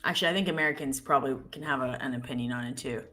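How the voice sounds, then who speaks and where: Low, bright-voiced chatty woman. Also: soft background music. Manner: chatty, thinks aloud, quick self-corrections. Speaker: live trading stream co-host. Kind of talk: casual live-stream chat while trading.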